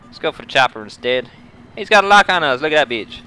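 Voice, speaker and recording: A man's voice: fairly high pitch, expressive, fast talker, sharp tone, smooth, soft background music. A man doing a put-on Southern US redneck accent, trash-talking and joking with crude swearing while playing a game. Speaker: gamer. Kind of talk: casual gameplay banter.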